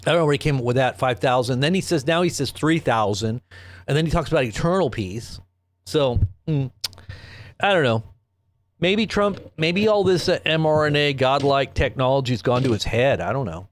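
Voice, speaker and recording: A man hosts a ranting news commentary with a fairly high voice, recorded dry and close with no room sound. He rambles and repeats himself, preaching and piling up rhetorical questions. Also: expressive, moderate pace, no echo. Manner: preachy, quotes scripture.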